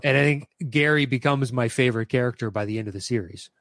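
A man chatting casually about a TV comedy, animated and swearing, acting out quoted lines in passing. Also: medium pitch, quick pace, no room sound. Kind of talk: casual chat about a TV show.

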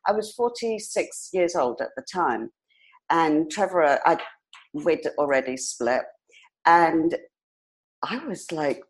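A woman in her sixties with a British accent that carries some New York twang. She tells her stories in a lively way, acting out quoted voices and laughing often. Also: low voice, measured pace, poor audio. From Britain. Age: 60s. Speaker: hair industry educator and guest. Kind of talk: casual podcast interview.

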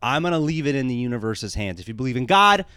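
A man's voice: mid-range voice, sing-song, fast, bright, forceful tone, clean tone, no room sound, studio quality. A man co-hosting a casual podcast, rambling and self-deprecating, often trailing off into a mumble. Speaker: podcast co-host.

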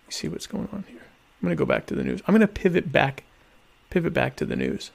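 A man hosting a casual live stream, rambling and interrupting himself, with deadpan, mock-pompous humor. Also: fairly high pitch, fast talker, creaky. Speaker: live show host.

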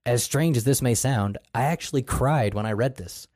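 A man co-hosting a casual podcast, reading passages aloud from a book and making crude deadpan jokes. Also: medium pitch, moderate pace, no room sound, clean studio sound. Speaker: podcast co-host.

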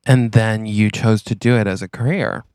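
A man co-hosting a podcast in casual chat, dropping wry, teasing remarks. His voice is smooth and resonant, recorded dry and close with no room echo. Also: lowish voice, steady tone, normal speed, a little mellow. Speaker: podcast co-host.

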